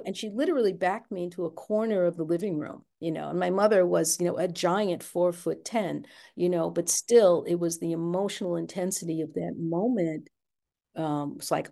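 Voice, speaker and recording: A woman's voice: fairly low pitch, moderate pace, vocal fry, mellow. An older woman candidly recounting her family's past in an interview, reflective and speaking in her own words. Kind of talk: personal storytelling interview.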